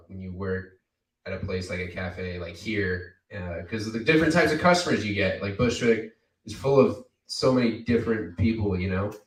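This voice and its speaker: A man with a low voice talks through a stand-up set, rambling and halting with lots of fillers. He sounds far from the mic, in an echoey basement room. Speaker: stand-up comedian. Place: basement cafe venue.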